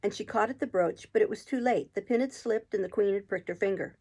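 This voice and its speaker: A woman reading a children's classic aloud, narrating in a calm, steady way. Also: medium pitch, quick pace, husky. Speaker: channel host reading a book aloud. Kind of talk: storybook narration.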